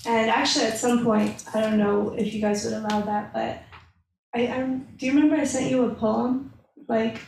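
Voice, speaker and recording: A woman's voice: a little high, fairly even intonation, normal speed, creaky, a little mellow. A woman taking part in an event, chatting casually and hesitantly with fillers. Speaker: event participant. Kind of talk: casual chat. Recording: echoey room, distant mic, faint noise.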